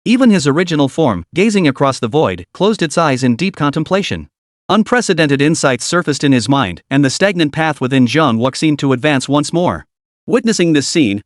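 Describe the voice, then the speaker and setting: A man narrating a fantasy story in steady scripted narration. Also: dry recording, studio quality. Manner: steady storytelling with animated pitch.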